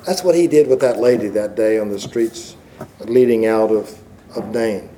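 A middle-aged male pastor preaching a sermon, full of rhetorical questions and swinging from loud emphasis to hushed asides. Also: fairly low pitch, normal speed, slight background noise, rough recording.

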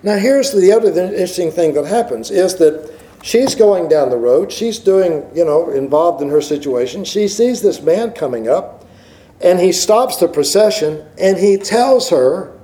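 Middle aged preacher guy, kinda high warm voice, big rhetorical questions then goes real quiet. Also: lively intonation, measured pace, low-quality recording. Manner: emphatic, rhetorical questions, swings from loud to hushed. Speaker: pastor. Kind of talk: sermon.

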